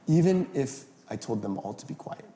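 A preacher voicing a calm, firm male teacher who answers a critic, speaking quietly and evenly. The voice sits at a middle pitch, with a roomy echo around it. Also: gravelly, a little hiss or hum. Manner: quiet and measured.

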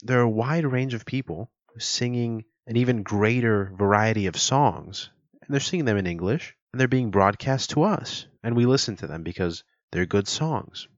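A man's voice: medium pitch, normal speed, dry recording. A man hosting a solo podcast, explaining things in a chatty, playful way. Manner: chatty, explanatory, playfully demonstrates words aloud. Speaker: podcast host. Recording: dull lo-fi recording.

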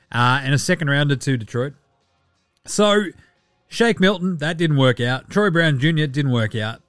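A man hosting a casual sports podcast, joking and swearing as he runs through the news and now and then slips into quick mock voices for the people he talks about. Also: fairly high pitch, no room sound. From Australia. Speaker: podcast host.

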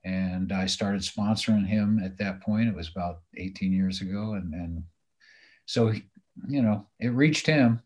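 A man in recovery telling his story as a guest, speaking earnestly in a measured way. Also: on the low side, darkish tone, husky. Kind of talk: recovery conversation.

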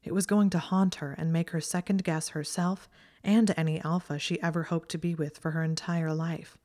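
Low-voiced woman reading a story. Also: flat delivery, normal speed, dark tone. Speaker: narrator. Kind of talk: audiobook narration of fan fiction.

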